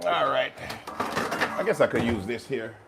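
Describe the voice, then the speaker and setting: A man's voice: medium pitch, expressive, measured pace, gravelly, noisy background. A man hosting a live cooking stream, chatting energetically and talking straight to his viewers. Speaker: cooking channel host.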